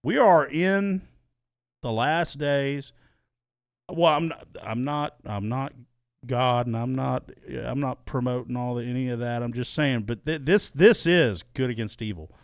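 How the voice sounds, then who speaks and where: This man co-hosts a podcast, chatting casually and often starting his words over as he rambles. The small soundproofed studio leaves no room sound, and his mid-range voice moves at a measured pace.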